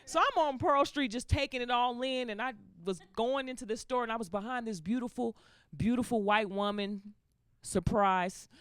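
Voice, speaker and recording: A woman performing a stand-up comedy set, telling stories with animated delivery and acting out other people's voices. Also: a little high, moderate pace. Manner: animated storytelling with acted-out voices. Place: comedy club stage with live audience. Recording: live crowd laughter behind.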